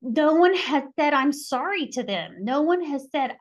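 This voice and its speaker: A woman's voice: sits high, expressive, unhurried, muffled recording. A middle-aged woman mediator teaching conflict skills, stressing her points by repeating key phrases. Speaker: mediator and conflict resolution instructor. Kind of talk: podcast teaching talk.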